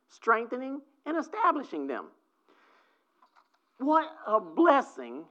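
A preacher delivering a sermon, swinging between loud exclamations and quiet asides. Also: mid-range voice. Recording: dull lo-fi recording.

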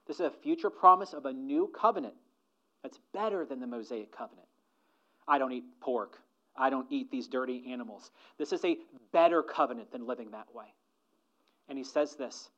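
A male pastor delivers a sermon in an earnest, questioning way, pressing his listeners with rhetorical asks. His voice sits a little high for a man. The recording sounds dull and lo-fi. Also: fairly bright tone.

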